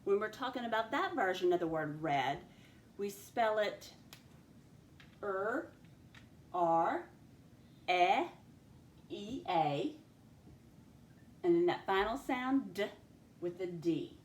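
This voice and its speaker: A woman teaching a spelling lesson, speaking slowly and clearly and sounding out each letter and syllable. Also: medium pitch, lively intonation. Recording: echoey room with faint ambient noise.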